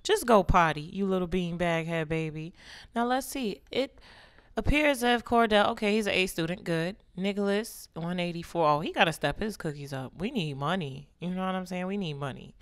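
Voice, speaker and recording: A woman's voice: lowish voice, moderate pace, smooth, no echo, studio quality. A woman hosting a life-simulation let's play, giving a sassy, joking running commentary on what the characters do. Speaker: gaming channel host.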